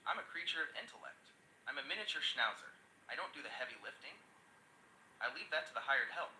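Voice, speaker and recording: A man's voice: mid-range voice, expressive, fairly quick, sharp tone, reverberant, slight background noise, low-quality recording. A male synthetic voice playing a smug little schnauzer dog who speaks in a haughty, superior way.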